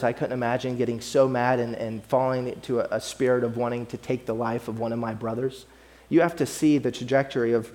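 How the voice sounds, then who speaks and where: A man's voice: mid-range voice, a little mellow. A man preaching a sermon in an earnest, conversational way, often repeating his phrases. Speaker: pastor.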